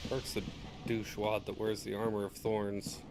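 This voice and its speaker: A man's voice: lowish voice, completely flat delivery, normal speed. A man chatting casually and rambling with wry asides while playing a video game. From United States. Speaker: gameplay streamer. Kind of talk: casual gameplay commentary. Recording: loud game music behind.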